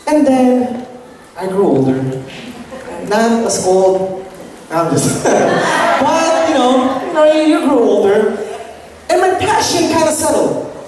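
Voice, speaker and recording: A young woman from the Philippines gives a lively camp sermon and often asks the audience "right?". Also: sits high, takes it slowly, pauses often. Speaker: camp speaker. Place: large hall at a church summer camp. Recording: echoey hall, distant mic, faint noise.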